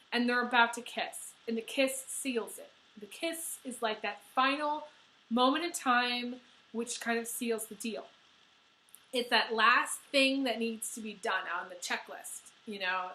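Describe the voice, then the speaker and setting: Bright-voiced emotional woman tarot reader. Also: fairly high pitch, echoey room, rough recording. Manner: emotional, teary, many fillers. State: crying. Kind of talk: tarot reading video.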